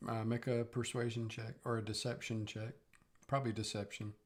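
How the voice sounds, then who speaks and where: A man's voice: medium pitch, level tone, normal speed. A man narrating as game master of a tabletop game, hesitant, with many fillers.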